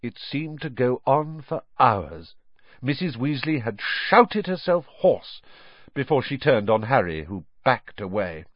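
A man narrating a storybook in an expressive, lilting way. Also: mid-range voice, unhurried, no room sound, muffled recording. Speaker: audiobook narrator.

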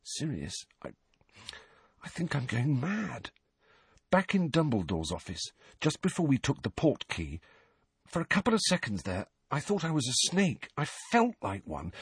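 Male reader playing a scared teen boy, hushed and husky, dry and close. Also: fairly high pitch, no room sound, pitched above the performer's own voice. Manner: hushed, urgent, near-whispering. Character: anxious teenage boy, shaken and frightened.

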